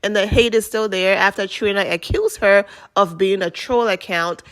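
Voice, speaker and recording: A woman's voice: medium pitch, moderate pace, a bit bright, smooth. A woman hosting a commentary video, talking in a sassy, rhetorical, lecturing way. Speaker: commentary host. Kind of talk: commentary on a clip.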